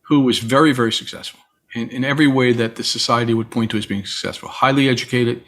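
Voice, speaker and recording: A man's voice: mid-range voice, steady tone, fast talker, fairly bright tone. A man guest in a reflective conversation, telling stories and acting out the voices of people he quotes. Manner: storytelling, acts out quoted voices. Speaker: interview guest.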